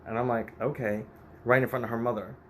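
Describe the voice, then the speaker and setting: A man's voice: medium pitch, little pitch movement, racing, a bit bright, a little hiss or hum. A man telling his own story in a vlog, candid and emotional. He speaks frankly and retells painful family moments in a plain, confessional way. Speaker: vlogger. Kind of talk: personal storytelling.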